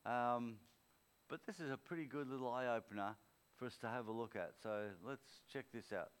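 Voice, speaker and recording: A man making halting, casual remarks to introduce a video, restarting words as he goes. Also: mid-range voice, clean tone.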